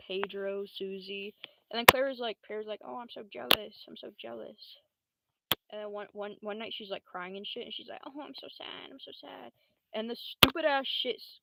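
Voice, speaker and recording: A young woman livestreamer rambling through a story in a casual, slangy, profane way, with lots of fillers. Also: mid-range voice. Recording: loud steady hiss.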